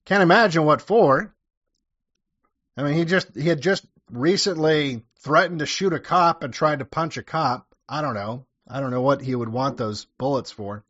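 Male storyteller, raised pitch, sarcastic and crude, dry and slightly muffled recording. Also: normal speed, fairly bright tone, no echo. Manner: sarcastic, crude, with wry asides. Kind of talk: casual true-crime storytelling.

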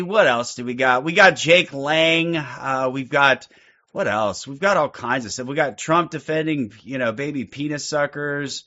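A man's voice: medium pitch, measured pace, lo-fi sound, over music. A man hosting a casual livestream from his couch at home, rambling and swearing, with lots of fillers and restarts. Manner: rambling, profane, many fillers. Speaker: livestream host.

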